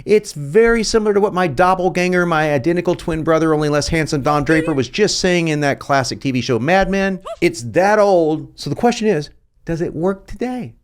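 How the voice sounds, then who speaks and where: A man's voice: on the high side, a little fast, slight background noise. A man hosting a copywriting video lesson, talking in a jokey, playful and emphatic way. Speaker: host.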